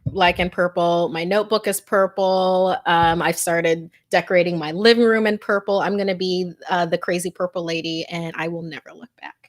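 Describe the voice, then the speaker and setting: A woman hosting a live stream, chatting casually and gushing over viewer comments with lots of fillers. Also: fairly low pitch. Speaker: host.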